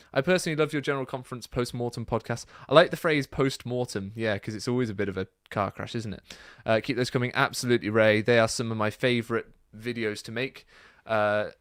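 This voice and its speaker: A man hosting a casual Q&A, reading out viewer comments and chatting about them in a relaxed, rambling way. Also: medium pitch, dry recording, clean studio sound. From Britain. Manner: chatty and relaxed, many fillers and asides. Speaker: YouTube channel host.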